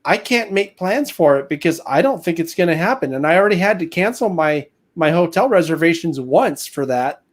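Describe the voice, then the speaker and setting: A man's voice: on the high side, animated, a little fast, few pauses. A man chatting casually as a guest on a live stream, laughing often as he tells stories. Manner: chatty, laughs while talking. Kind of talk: casual chat.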